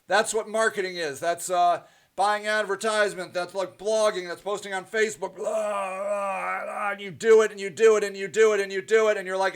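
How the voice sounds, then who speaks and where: A host talking in a casual monologue, brash and animated, swearing freely and acting out other people's voices. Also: female voice, medium pitch, brisk.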